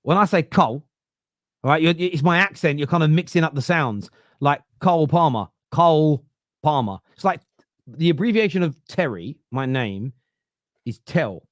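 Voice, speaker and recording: A man's voice: a little high, animated, normal speed, no room sound, clean studio sound. A man with a Southern English accent hosting a football podcast, thinking aloud with frequent restarts and making a case point by point. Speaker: podcast host. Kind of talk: casual chat.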